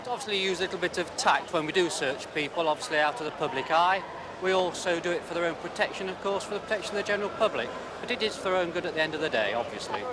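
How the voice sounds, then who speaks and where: A police officer explaining crowd searches in a measured way, saying "obviously" often. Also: male voice, fairly high pitch. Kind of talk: interview answer. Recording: loud street noise outdoors.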